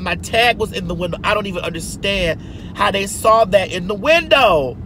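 A woman's voice: mid-range voice, lively intonation, moderate pace, fairly bright tone. A woman in her forties, telling stories to her viewers in a sassy, chatty way while driving, calling them girl and honey. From Georgia, US. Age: 40s. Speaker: livestream host. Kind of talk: casual storytelling to viewers. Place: inside a car while driving. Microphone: phone. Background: car and road noise.

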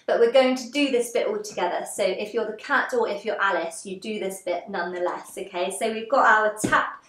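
A woman leading a gentle seated movement class, giving encouraging step-by-step cues. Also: medium pitch, fairly quick. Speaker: dance and movement instructor. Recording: roomy, echoey room.

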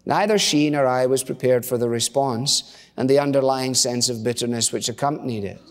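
A man's voice: mid-range voice, fairly quick. A middle-aged male pastor preaching a sermon in a conversational, storytelling way with casual asides. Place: church. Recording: long church reverb.

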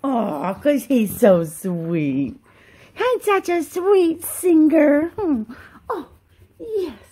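A woman's voice: sits high, big pitch swings, very slow, warm tone. A woman filming her dog at home on a handheld camera, cooing to him in baby talk. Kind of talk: casual vlog talk to a pet. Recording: noisy home camera audio.

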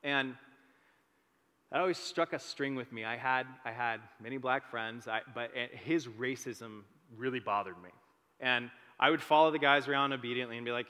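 A young man telling his own story as a sermon, animated and self-deprecating. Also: medium pitch, moderate pace, slight background noise. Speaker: teaching pastor. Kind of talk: testimony sermon. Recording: long reverb of a large hall.

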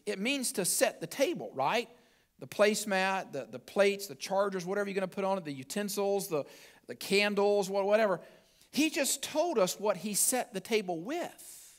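A man preaching a sermon as pastor, quoting scripture and swinging from soft, low passages to loud, emphatic ones. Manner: scripture quoted aloud and picked apart.

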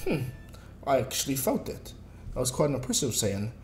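A man doing a slow, sneering alien tyrant. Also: medium pitch, very animated, close to an everyday voice. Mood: cold menace. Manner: slow, drawn-out, condescending. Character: cold, menacing alien tyrant king, adult male. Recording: echoey room, faint music.

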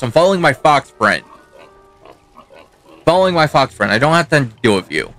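A man's voice: on the high side, big pitch swings, moderate pace, fairly bright tone, soft background music. A young man swearing and ranting as he comments on his own gameplay. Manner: profane, ranting, talks back to the game. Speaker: gaming channel host. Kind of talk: let's play commentary.

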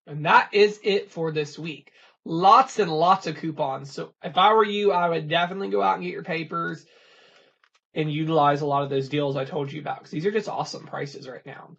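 A couponing channel host giving a casual rundown, reading items off in a quick plain list. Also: mid-range voice, vocal fry, a bit bright, husky, dull audio.

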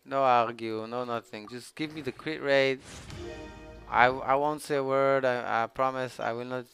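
Male streamer, mid-pitched, begs and curses at his loot, flares into yelling, soft game music underneath. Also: steady tone, a little slow, creaky, clear, resonant tone. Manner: pleading, swearing, flaring into shouted outbursts. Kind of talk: live gaming commentary.

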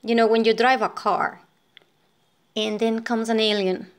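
A woman's voice: fairly high pitch, level tone, unhurried, clear, resonant tone. A woman from Venezuela talking casually to her viewers, rambling and thinking aloud. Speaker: vlogger. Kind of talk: casual talk to camera.

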